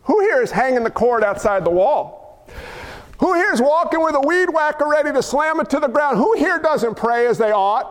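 High-voiced animated preacher in a reverberant hall. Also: male voice, moderate pace. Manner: animated, jokey preaching with acted-out quotes. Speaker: pastor. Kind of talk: sermon.

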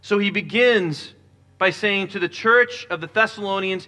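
A man delivering a sermon with a bright, forceful voice pitched a little high. He preaches earnestly and drops lower and softer when reading scripture. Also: normal speed. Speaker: pastor.

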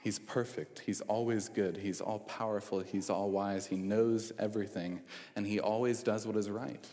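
A man's voice: fairly low pitch, steady tone, moderate pace, warm tone. A man giving a sermon as a preacher, talking conversationally with frequent fillers and restarts. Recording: long reverb in a large hall.

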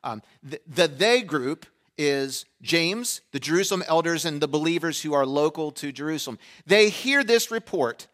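A chatty, fairly high-voiced preacher man. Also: lively intonation, moderate pace, few pauses, a bit bright. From Pennsylvania, USA. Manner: conversational, sarcastic asides, acts out quoted voices. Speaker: pastor. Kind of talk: sermon.

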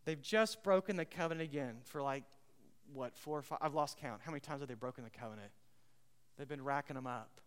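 A man preaching a sermon as pastor, emphatic and repeating his key phrases, swinging between loud and hushed, and putting questions to the congregation. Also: mid-range voice, brisk, clean tone, long reverb tail.

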